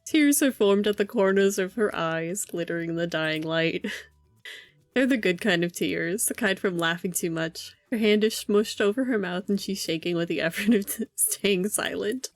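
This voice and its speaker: A woman's voice: medium pitch, moderate pace, no room sound. A woman streamer reading a visual novel aloud and commenting, amused and profane, laughing often.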